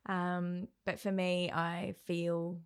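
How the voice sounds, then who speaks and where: Gravelly low-voiced Australian woman. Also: extremely slow. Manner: animated, acts out quoted voices. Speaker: guest. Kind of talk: casual interview conversation.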